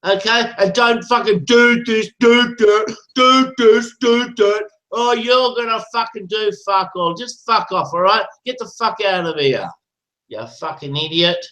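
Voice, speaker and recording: A man's voice: high voice, unhurried, pushed and bright, rough recording. A man in a heated online voice chat, aggressive and ranting, repeating threats and insults. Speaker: voice chat user.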